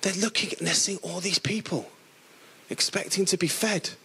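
A middle-aged man from the area preaching a lively, playful sermon, acting out the characters in the stories he tells. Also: high voice, normal speed, slightly rough. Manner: playful, animated storytelling with voiced characters.

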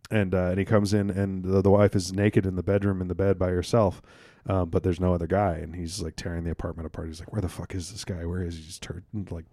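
A man co-hosting a podcast, telling jokes in a rambling, halting way with lots of fillers and restarts and casual swearing. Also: sits low, gravelly, mellow, no echo, studio quality. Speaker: podcast co-host.

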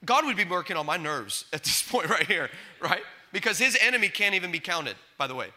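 High, sharp-voiced impassioned preacher man. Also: very animated, brisk. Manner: impassioned preaching that swings between loud and hushed; storytelling with acted-out quotes and stammered restarts. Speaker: pastor. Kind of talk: sermon.

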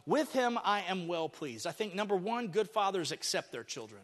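A man's voice: high voice, sing-song, normal speed, a bit bright. A middle-aged man preaching a sermon as pastor, earnest and building to emphatic peaks. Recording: reverberant hall.

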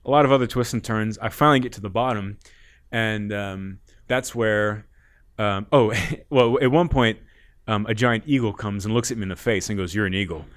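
Lowish laughing man telling a wild tale. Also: normal speed, clear, resonant tone. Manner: rambling, laughs a lot, swears. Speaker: podcast guest. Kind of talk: casual storytelling.

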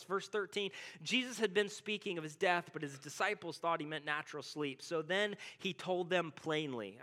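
High, bright-voiced pastor preaching casually. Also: male voice, moderate pace. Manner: casual, animated storytelling with frequent "like"; acts out biblical characters in everyday speech. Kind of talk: sermon.

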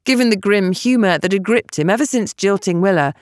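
A woman narrating a novel as an audiobook, with expressive storytelling. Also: mid-range voice, fairly quick, no echo, clean studio sound.

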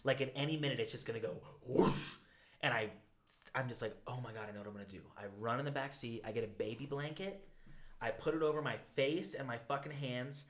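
A man hosting a podcast, telling a story in casual, profane, animated talk. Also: medium pitch, fairly quick, slight background noise. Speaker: podcast host.

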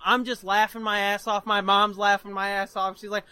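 A man co-hosting a podcast, telling crude stories in an animated way and laughing often. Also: sits high, normal speed, smooth, dry recording. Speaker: podcast co-host. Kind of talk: casual chat, storytelling.

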